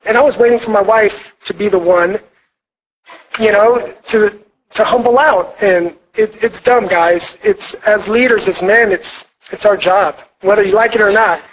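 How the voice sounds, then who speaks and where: A man's voice: sits high, a little slow, poor audio. A young man giving an earnest, rambling personal testimony to a church retreat audience, full of fillers and restarts. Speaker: speaker sharing his testimony at a marriage retreat.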